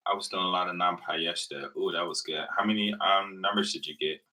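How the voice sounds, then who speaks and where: Casual vlogger, man, low voice with a sharp bright edge, chatty storytelling, mic a bit distant. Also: steady tone, fast talker. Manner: loose rambling storytelling with quoted dialogue. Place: living in Japan.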